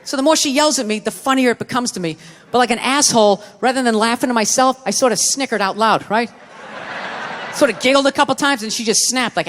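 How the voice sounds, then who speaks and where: A man performing a stand-up routine, telling a story with animated, profane delivery and a constant "right?". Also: extremely high pitch. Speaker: stand-up comedian. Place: theater stage before a live audience. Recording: reverberant hall with crowd.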